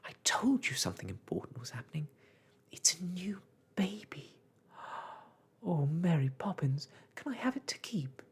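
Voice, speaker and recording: A reader in a whispered role-play voicing an eager, excited young girl in a storybook. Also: mid-range voice, takes it slowly, gravelly, pauses often, slightly rough, voice pushed up, full character voice.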